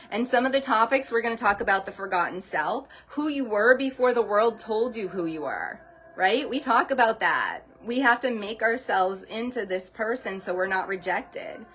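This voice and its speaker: A woman's voice: medium pitch, animated, normal speed, a bit bright. A middle-aged woman hosting a sound healing talk, earnest and encouraging, speaking directly to her viewers. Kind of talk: casual motivational talk.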